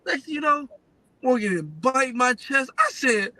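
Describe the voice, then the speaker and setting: A young adult man telling a family story in a casual, animated way, full of fillers. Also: very high-pitched, measured pace, no echo. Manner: lively, animated retelling with many fillers. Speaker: guest sharing family story.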